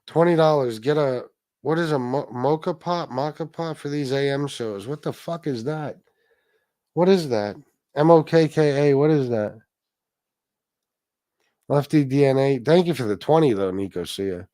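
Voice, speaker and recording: Man, livestream host, rambling and profane, mid-pitched, dry close sound. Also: normal speed, warm tone, no room sound. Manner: profane, rambling, many restarts. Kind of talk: casual livestream chat reading donations.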